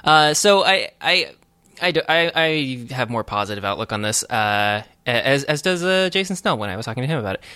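A man hosting a podcast, chatting casually in a halting, sardonic way with many restarts. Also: medium pitch, animated, sharp tone, smooth, no room sound. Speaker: podcast host. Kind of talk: casual chat.

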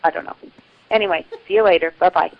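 A woman's voice: on the low side, quick pace. A woman caller leaving a chatty, rambling voicemail over a phone line. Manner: chatty, rambling with many ums. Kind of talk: voicemail message.

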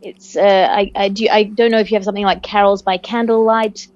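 A woman in casual conversation, explaining things in a measured way. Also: mid-range voice, little pitch movement, darkish tone, no room sound. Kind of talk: casual chat. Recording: dull lo-fi sound.

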